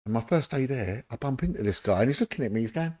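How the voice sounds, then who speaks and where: A middle-aged man, telling lively stories as an interview guest and acting out the dialogue. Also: medium pitch, fast talker, crowd noise. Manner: animated anecdote-telling, acts out quoted dialogue. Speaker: interview guest, former police officer. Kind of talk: casual storytelling.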